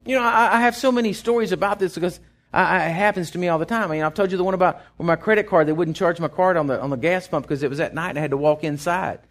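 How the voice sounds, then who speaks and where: A middle-aged man with a Texan accent, preaching a sermon in a folksy storytelling way, swinging from loud to hushed. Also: high voice, racing. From Texas. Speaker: pastor.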